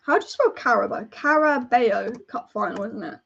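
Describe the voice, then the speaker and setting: A young woman hosting a live football watch-along, excitable and casual, chanting and swearing as she reacts. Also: fairly high pitch, normal speed, vocal fry, husky. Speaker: football fan livestream host. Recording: dull lo-fi stream audio.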